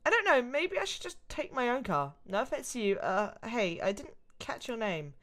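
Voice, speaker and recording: A woman's voice: a little high, very animated, normal speed, fairly bright tone, pitched above the performer's own voice. A British woman voicing a sassy young female college student in her own exasperated voice, reading a visual novel aloud. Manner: exasperated, chatty.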